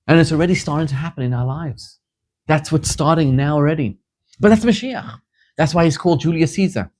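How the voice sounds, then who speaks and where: A man from Zimbabwe gives a sermon as a rabbi. His voice sits a little high, and he tells stories in an animated way, climbing into fervent emphasis. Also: fairly quick.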